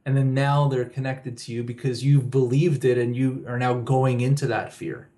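A man's voice: mid-range voice, little pitch movement, moderate pace, mellow. A man who is a guest author on a radio interview, telling personal stories and chuckling often.

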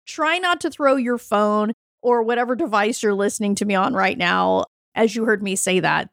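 A woman's voice: medium pitch, dry recording, clean studio sound. A woman hosting a podcast as a fertility coach, giving a blunt, profane, hyped-up motivational pep talk. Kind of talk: motivational solo podcast monologue.

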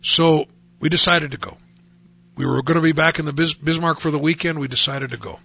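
A man's voice: a little high, fairly even intonation, brisk, gravelly, pushed and bright, breathy edge. A man telling his personal faith testimony in a conversational way, acting out the voices he quotes. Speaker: speaker sharing his testimony.

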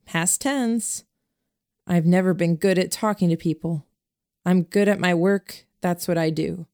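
A woman reading a novel aloud as narrator in a steady first-person storytelling voice. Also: lowish voice, unhurried, no room sound, clean studio sound. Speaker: audiobook narrator. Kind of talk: scripted narration.

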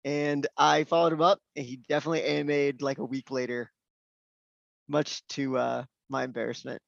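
A man, a physician, telling a story at an open mic in an animated way, acting out the dialogue. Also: medium pitch, normal speed, gravelly, no room sound. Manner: animated, acts out quoted dialogue. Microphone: video call. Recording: dull, dry virtual-call audio.

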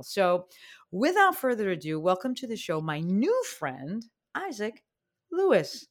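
A woman's voice: on the low side, huge pitch swings, normal speed. A woman hosting a podcast, talking in an upbeat, slangy, enthusiastic way as she introduces her guest. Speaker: podcast host. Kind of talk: casual podcast chat.

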